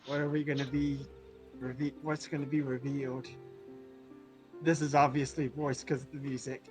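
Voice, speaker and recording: A man's voice: medium pitch, flat delivery, moderate pace. Teasing man in game chat. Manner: joking, teasing banter. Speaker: co-op player on stream. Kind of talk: casual gaming chat. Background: faint game music.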